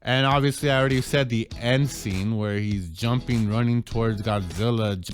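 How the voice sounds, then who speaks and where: A man giving a casual spoken movie trailer review, halting often with restarts and repeated words. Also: medium pitch.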